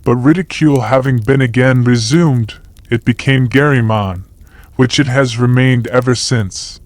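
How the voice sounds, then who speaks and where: A man reads a classic novel aloud in a calm, measured storytelling voice of middling pitch. The sound is dry and close, with no room around it, as from a close studio microphone. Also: no room sound. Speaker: narrator. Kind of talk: audiobook narration.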